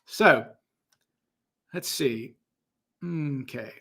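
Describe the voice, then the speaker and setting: A man's voice: medium pitch, drawn-out words, pushed and bright. A man hosting a casual livestream Q&A, rambling and breaking off to apologize while he hunts for files. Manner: rambling, self-interrupting, apologetic asides. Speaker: host answering viewer questions.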